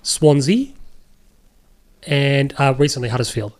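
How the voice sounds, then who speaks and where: A man's voice: medium pitch, lively intonation, unhurried. A man hosting a casual sports podcast, talking animatedly, swearing freely and acting out what others said. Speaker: podcast host.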